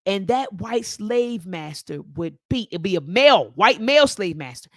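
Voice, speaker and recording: A woman's voice: medium pitch, lively intonation, moderate pace, no room sound. A woman hosting a book club, reading passages aloud and commenting with passion, addressing listeners as family and repeating phrases for emphasis, at times near tears. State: near tears, voice dropping low.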